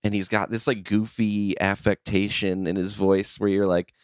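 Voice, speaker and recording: A man's voice: on the low side, little pitch movement, moderate pace, smooth, no room sound, clean studio sound. A man co-hosting a podcast, chatting loosely and profanely about films. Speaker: podcast co-host. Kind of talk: casual film discussion.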